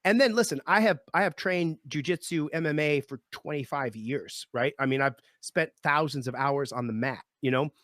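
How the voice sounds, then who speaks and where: A man, the guest of an interview, telling a personal story in a lively way and acting out the people in it. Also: on the high side, moderate pace, hardly any pauses, no echo, clean studio sound. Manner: lively, acts out voices in his stories. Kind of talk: animated storytelling.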